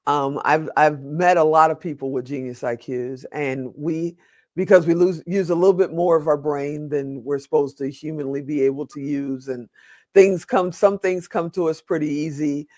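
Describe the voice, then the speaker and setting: A man, a podcast guest, telling a personal story in an earnest way and slowing down to stress his points. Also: on the high side, fairly even intonation, darkish tone, no echo, clean studio sound. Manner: earnest, slows down for emphasis.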